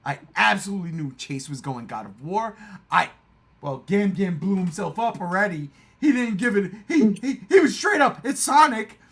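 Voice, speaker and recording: A man's voice: high voice, big pitch swings, normal speed, a bit bright, slightly rough. A man hosting a casual livestream chat, boastful, repeating himself and swearing freely. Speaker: livestream host.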